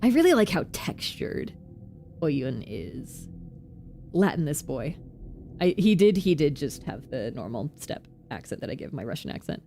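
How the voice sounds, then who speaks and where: A woman vtuber chats through a game in casual commentary. Her voice sits low with a warm, mellow tone. She jumps between quick self-mocking asides. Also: very animated, gravelly, faint music behind. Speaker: vtuber streamer.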